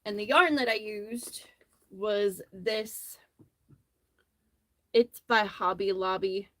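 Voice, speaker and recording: A woman's voice: mid-range voice, fairly even intonation, slow, a bit bright, no room sound. A woman hosting a casual crochet livestream from her phone, telling a rambling, friendly story as she works. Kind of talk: casual chat while crocheting.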